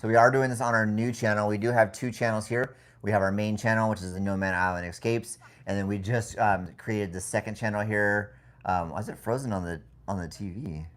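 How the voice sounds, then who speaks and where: Super deep voiced guy rambling on a home livestream, lots of ums, laid back. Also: fairly quick. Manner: rambling, relaxed, many fillers and restarts. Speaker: live stream co-host. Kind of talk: casual live stream chat. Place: home indoors with a TV in the background.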